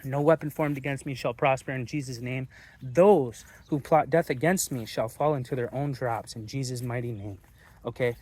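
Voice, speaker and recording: A man's voice: mid-range voice, normal speed, a little mellow, husky. A young man delivering a profane, preachy and boastful rant outdoors, swearing constantly as he talks to his phone camera. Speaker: vlogger. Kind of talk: profane street-talk rant. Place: outdoors in a public street.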